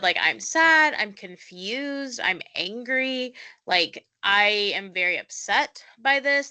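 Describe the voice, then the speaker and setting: A woman's voice: mid-range voice, sharp tone. A woman co-hosting a podcast, recapping a show in casual chat with many fillers and acted-out quotes. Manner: chatty, lots of "like" fillers, acts out quotes. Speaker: podcast co-host.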